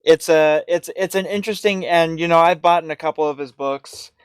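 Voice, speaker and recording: A man's voice: fairly high pitch, fairly quick, clean tone, no room sound, studio quality. A man co-hosting a casual tech podcast, talking hesitantly with frequent restarts. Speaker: podcast co-host.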